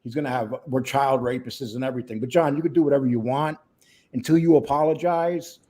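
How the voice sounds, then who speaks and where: A man's voice: mid-range voice, brisk, warm tone. A man co-hosting a casual livestream chat, crude and rambling, joking with his partner. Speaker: co-host.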